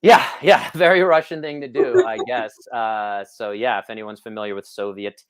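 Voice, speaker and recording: A man's voice: on the low side, normal speed, a crowd in the background. A man hosting an interview podcast, telling personal stories in a casual, rambling way with many fillers. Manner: storytelling, self-deprecating, many fillers. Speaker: podcast host.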